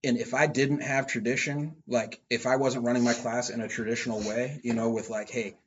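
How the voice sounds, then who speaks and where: A man's voice: medium pitch, flat delivery, a little fast, slight background noise. A man who coaches kids' jiu-jitsu classes, talking earnestly in a casual podcast chat. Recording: dull lo-fi sound.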